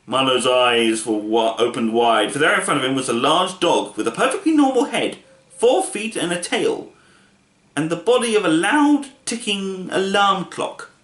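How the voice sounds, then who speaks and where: A man reads a children's book aloud, playful and expressive. His voice is bright and animated, a little high for a man. The room adds a clear echo. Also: normal speed. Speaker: storybook reader. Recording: echoey room.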